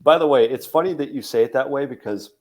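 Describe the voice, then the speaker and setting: A man's voice: medium pitch, fast talker. A man in his twenties, a guest comedian from Canada, telling stories in casual podcast talk and acting out his friends' voices. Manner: animated storyteller, acts out friends' voices. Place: podcast studio.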